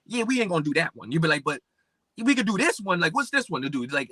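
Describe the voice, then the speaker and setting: A man from Pennsylvania, a podcast guest telling his life story and acting out remembered dialogue with big swings in pitch. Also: big pitch swings, quick pace, bright, forceful tone, breathy edge, no echo. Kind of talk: personal storytelling in an interview.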